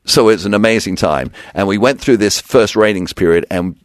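Man, very deep voice, DJ guest, chatty storyteller, acts out dialogue, dry close sound. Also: brisk, clear, resonant tone, no echo. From England. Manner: animated storyteller acting out quotes. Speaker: DJ and radio personality, guest. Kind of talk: casual storytelling interview.

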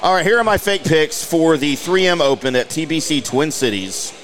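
Male podcast host, joking and self-mocking, pitch jumps around a lot, voice sits a bit high. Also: animated, moderate pace, fairly bright tone. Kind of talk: casual chat.

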